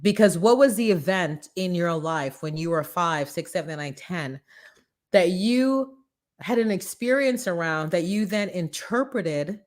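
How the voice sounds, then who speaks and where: A woman hosting a live morning show, giving a preachy, animated motivational talk full of acted-out quotes. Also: fairly low pitch, unhurried.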